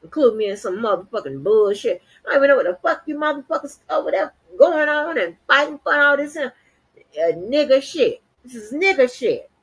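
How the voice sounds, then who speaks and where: A woman's voice: sits high, fast talker, few pauses, fairly bright tone. A woman hosting a livestream, talking bluntly and defiantly with heavy profanity and repeated words. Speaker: channel host. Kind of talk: livestream rant.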